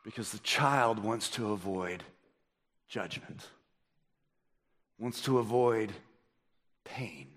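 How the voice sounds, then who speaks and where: A man preaching a sermon as a pastor, swinging from hushed, quiet passages to loud, emphatic ones. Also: lowish voice, measured pace, hardly any pauses. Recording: echoey hall reverb.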